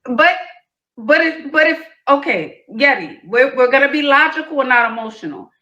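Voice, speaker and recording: A woman hosts a dating show, asking pointed questions in a calm, level way and pressing for logic. Her voice is bright and a little tense, heard through dull, lo-fi stream audio. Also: high-pitched, normal speed. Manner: calm, probing, pushes for logic. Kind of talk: questioning a caller on a live show.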